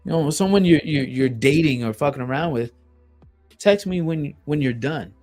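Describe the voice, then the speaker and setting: A man's voice: on the high side, animated, moderate pace, a little mellow. Emphatic swearing man, faint music underneath. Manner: blunt and emphatic, swears often, repeats phrases. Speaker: podcast host. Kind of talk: solo podcast monologue.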